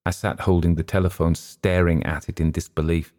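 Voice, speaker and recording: A man reading a first-person thriller audiobook in a measured, understated manner. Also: deep voice, little pitch movement, warm tone. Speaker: audiobook narrator.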